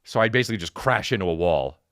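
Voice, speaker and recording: A podcast host and comedian in his thirties tells a comic story at a quick pace in a low voice, swearing heavily and acting out the people involved. He's animated throughout. The recording is clean and dry, studio quality.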